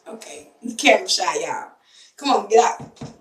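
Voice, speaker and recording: A woman's voice: medium pitch, lively intonation, moderate pace, recorded from a distance. A young woman in a casual vlog, telling an emotional story in a rambling way full of fillers. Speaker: vlogger. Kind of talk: casual chat to camera. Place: home bathroom. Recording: echoey bathroom, voice from mic.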